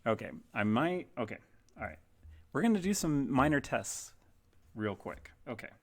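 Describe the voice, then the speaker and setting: Here the streamer from a game cafe sounds very animated, with a mid-range voice at normal speed. He chats loosely on his livestream, rambling with plenty of fillers and self-deprecating remarks as he checks his webcam mic's placement.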